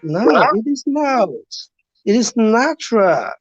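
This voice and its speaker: A man's voice: very high voice, big pitch swings, slow, no room sound, highs cut off. A man with a Nigerian English accent, calling in to a chat stream, giving hesitant, brief answers with fillers. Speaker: caller. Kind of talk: casual call-in chat. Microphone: online call.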